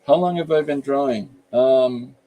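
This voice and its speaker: A man's voice: medium pitch, a little slow, narrow, tinny audio. A man in his fifties, an artist hosting his show, chatting casually and rambling about his work as he draws. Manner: rambling and easygoing, explaining his work as he goes. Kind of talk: casual chat while drawing live.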